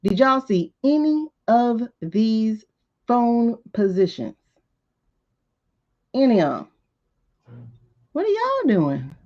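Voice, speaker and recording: Woman, exasperated livestream reaction, lively swooping pitch, slightly muffled sound. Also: slow pace, pauses often. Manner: animated, exasperated, laughing, talks back to the screen. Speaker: livestream host reacting to a video. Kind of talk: casual reaction commentary.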